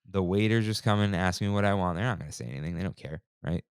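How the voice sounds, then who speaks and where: A man in his thirties co-hosting a podcast in a relaxed, slangy chat style, saying "dude" and "like" often. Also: sits low, very fast, clear, resonant tone, dry recording, studio quality. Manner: laid-back, slangy, says "dude" and "like" often. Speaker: podcast co-host. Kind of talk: casual chat.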